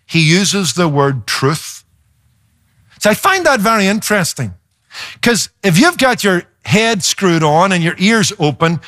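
A man's voice: high voice, a bit bright, no echo, studio quality. A man, a pastor, preaching a sermon with emphasis, shifting pace and playful asides.

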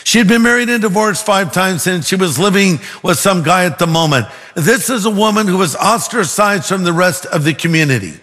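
A male pastor preaching a sermon in an earnest, emphatic way, slowing down to stress his points. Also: high voice, a bit bright. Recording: long hall reverb with faint music.

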